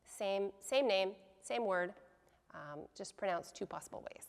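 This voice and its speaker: A woman teaching pronunciation in a patient way, explaining each sound slowly and repeating the words. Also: medium pitch, gravelly, long reverb tail. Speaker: language teacher. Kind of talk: pronunciation lesson.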